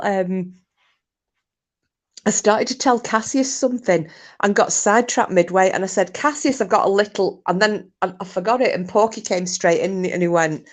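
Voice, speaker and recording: A British woman with a mid-range voice and moderate pace runs a casual livestream. Giggly and prone to laughter, she wanders through stories while reading out viewers' comments.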